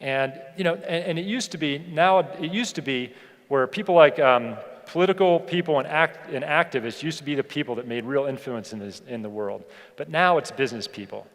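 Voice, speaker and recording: Man, motivational keynote speaker, slightly high voice, rhetorical questions to the audience, long hall reverb. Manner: asks the audience rhetorical questions, slows down for emphasis. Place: large hall on stage.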